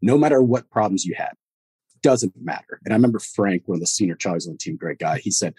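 Husky-voiced former soldier telling stories. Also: male voice, on the low side, quick pace, no echo. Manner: animated storyteller who acts out quoted voices and laughs often. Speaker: podcast guest, former Army Green Beret. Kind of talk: casual storytelling conversation.

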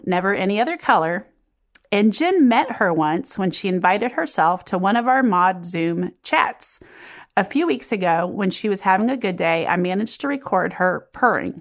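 A woman co-hosting a podcast, reading a listener's letter aloud in a gentle, sincere way. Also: medium pitch. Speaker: podcast co-host. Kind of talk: reading a listener letter, then casual chat.

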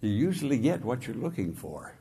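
A man preaching a sermon as pastor, slow and emphatic, with sudden rises in pitch and volume. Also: very animated, gravelly, mellow, husky.

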